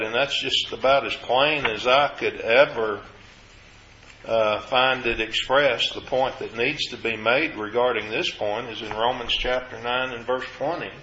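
A man preaching a sermon, earnest and explanatory, rising in pitch as he quotes scripture. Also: bright, forceful tone, roomy sound, lo-fi sound, a little hiss or hum.

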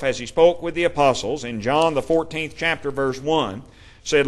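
A man preaching a sermon, teaching steadily and rising in force when he reads scripture aloud. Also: a little high. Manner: measured Bible teaching with emphatic scripture readings.

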